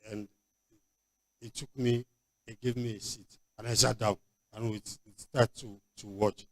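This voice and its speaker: A man's voice: medium pitch, level tone, measured pace. A man with a Nigerian accent preaching a sermon as pastor, emphatic and repetitive, with frequent stop-start restarts. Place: church convention hall.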